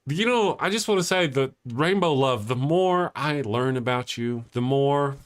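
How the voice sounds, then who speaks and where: Guy hosting a live stream, rambly and jokey, laughs a lot, average pitch. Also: expressive, measured pace. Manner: rambling, jokey, laughs often, restarts mid-sentence. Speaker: host of a live atheist morning show. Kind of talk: casual live-stream chat reading viewer comments.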